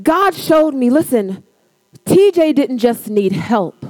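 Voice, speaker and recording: A woman's voice: high voice, very animated, takes it slowly, dark tone, no room sound. A woman preaching a sermon, telling a personal story in a conversational way and calling the congregation y'all. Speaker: pastor's wife preaching.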